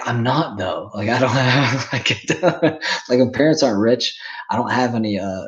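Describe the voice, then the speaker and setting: A man's voice: on the low side, highs cut off. Rambling, profane man. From Canada. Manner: rambling, profane, reacts to chat messages. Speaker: streamer. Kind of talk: casual livestream chat.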